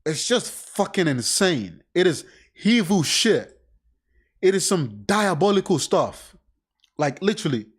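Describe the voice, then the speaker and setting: A slightly rough, somewhat high male voice, a little slow, reacts casually to a crime case. He reads passages aloud, then swerves into blunt remarks laced with swearing, keeping his talk loose, unscripted and full of animated asides.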